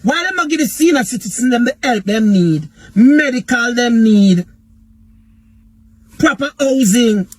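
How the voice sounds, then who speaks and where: A Jamaican man with a strikingly high, husky voice delivers a fiery political rant straight to his audience. He preaches and keeps calling out to his listeners, and the recording sounds close and dry, with no room echo. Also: expressive, measured pace. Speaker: political commentator.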